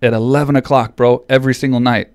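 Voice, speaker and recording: A man's voice: mid-range voice, fairly even intonation, quick pace, a little mellow, no echo, studio quality. A man hosting a podcast in casual chat, still a little out of breath, rambling with many restarts. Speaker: podcast host and coach. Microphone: studio podcast mic.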